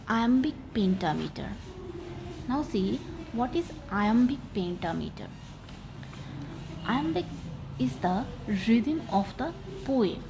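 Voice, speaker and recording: A woman talks through a literature lesson at an unhurried pace. She is careful and deliberate, and leans on the syllables she wants heard. Clear background noise runs under the voice-over. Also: mid-range voice. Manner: slow, deliberate, stresses key syllables. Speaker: teacher. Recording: noisy voice-over.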